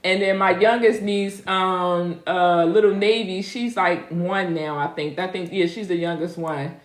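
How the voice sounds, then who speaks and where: A woman's voice: fairly low pitch, steady tone, a little slow, reverberant. A middle-aged woman hosting a casual live Q&A as a spiritual reader, chatty and laughing as she talks straight to her viewers.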